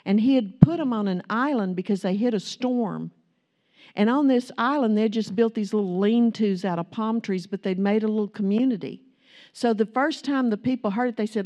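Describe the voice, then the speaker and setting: A woman's voice: fairly high pitch, moderate pace, warm tone. A woman preaching a sermon, telling a story that builds into impassioned, emphatic preaching.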